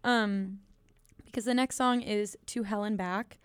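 Unhurried and fairly even in intonation, a young woman from the US co-hosts a podcast and casually discusses an album, often saying um and like and giggling. Her mid-range voice is clear and resonant. It's studio quality with no room sound.

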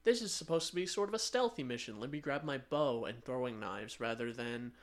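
A man's voice: medium pitch, lively intonation, a little fast. A man co-hosting a casual podcast, talking in a chatty way. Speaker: podcast co-host. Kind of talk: casual chat.

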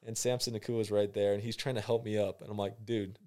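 This young man, a college football player, spins a laid-back story full of slang, performing his own reactions as he goes. His pitch is fairly low and his delivery flat, mellow, and fast.

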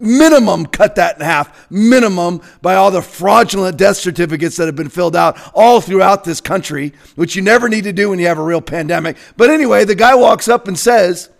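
A man's voice: sits high, fairly quick, gravelly, hardly any pauses. A man delivering an emphatic, combative political opinion rant. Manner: combative, emphatic, bursts into shouting. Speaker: political commentator.

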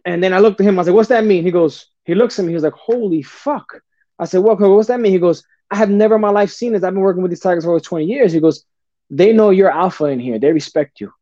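A high-voiced man rattles through his stories at a fast clip, loose and animated, packing every sentence with slang and curses. The recording is dull and lo-fi, with a dry, close sound and no room around it. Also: no room sound. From New Jersey. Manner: animated, swearing, street slang, says bro a lot. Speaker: podcast guest. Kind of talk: casual storytelling.

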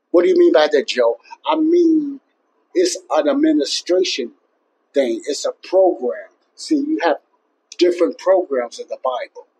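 A man's voice: a little high, darkish tone, slight background noise, low-quality recording. A man teaching the Bible in an informal, emphatic way, often repeating himself and restarting his phrases. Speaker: Bible teacher and podcast host.

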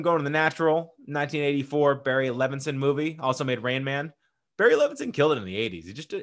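A man hosting a casual movie countdown, talking in an excitable, gushing way with many fillers and restarts. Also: mid-range voice. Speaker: movie list host.

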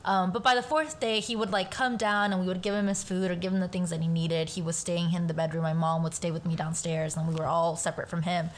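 A woman who speaks Spanish at home, a guest on a casual podcast, telling a family story in an animated way and swearing casually. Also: lowish voice, fast, few pauses, a little hiss or hum. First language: bilingual, speaks Spanish at home.

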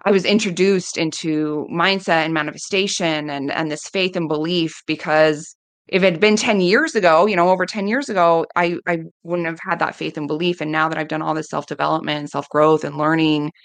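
A woman's voice: low voice, steady tone, fairly quick, dry recording. A woman in her thirties, a coach, telling a heartfelt personal story in a casual interview, often quoting herself. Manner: earnest, emotional, quotes herself often.

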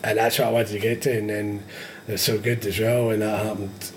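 A man's voice: fairly low pitch, level tone, brisk, slight background noise. A young man in casual chat, swearing freely, laughing often and acting out phone calls. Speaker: metalwork business owner, guest.

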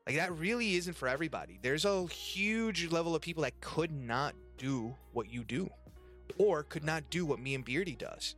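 A man hosting a casual podcast chat, animated and profane, with lots of slang. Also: fairly high pitch, moderate pace, soft background music. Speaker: podcast host and restaurant worker. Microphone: webcam and desk mic.

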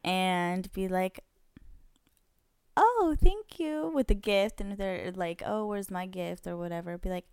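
A woman's voice: on the low side, flat delivery, moderate pace, few pauses, a little mellow, clean tone, no echo, clean studio sound. A young adult woman co-hosting a podcast in casual chat, self-deprecating and laughing, acting out what she would say. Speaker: podcast co-host.

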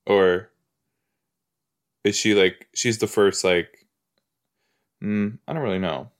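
A man's voice: fairly low pitch, slow. A man hosting a podcast, casually reacting while he watches a TV episode. He rambles, fills his talk with "like" and "you know", and repeats his exclamations. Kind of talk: casual watch-along chat.

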